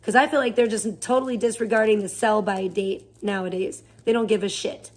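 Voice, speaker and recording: A woman's voice: medium pitch, steady tone, fairly quick. A woman live streamer chatting casually, rambling and swearing as she rants in exasperation. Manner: rambling, profane, exasperated ranting. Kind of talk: casual chat.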